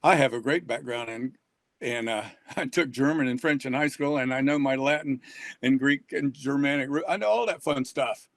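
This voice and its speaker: A man's voice: medium pitch, moderate pace, a bit bright, dry recording, clean studio sound. An older man, an author and reading educator, talking in a folksy, rambling way and chuckling often. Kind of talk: casual online talk.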